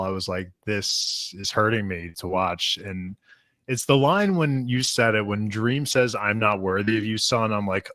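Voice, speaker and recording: A man in his thirties with a lowish voice chats casually on a podcast. He rambles and gets emotional, openly teasing himself. The sound is dry and close, with no room around it. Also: bright, forceful tone, dry recording. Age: 30s. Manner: emotional, rambling, self-deprecating. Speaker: podcast co-host. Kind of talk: casual chat.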